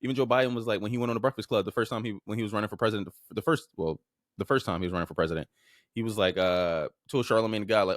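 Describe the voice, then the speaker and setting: Fast-talking low-voiced man, blunt and casual. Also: fairly even intonation, no room sound, studio quality. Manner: blunt and informal, swears casually, restarts phrases. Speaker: podcast host. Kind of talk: casual commentary on played clips.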